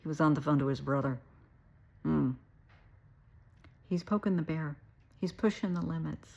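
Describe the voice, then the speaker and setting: A woman's voice: deep voice, normal speed, creaky, darkish tone. A middle-aged woman therapist with a Southern US accent, telling a story with emphatic, wry asides. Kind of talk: storytelling advice video.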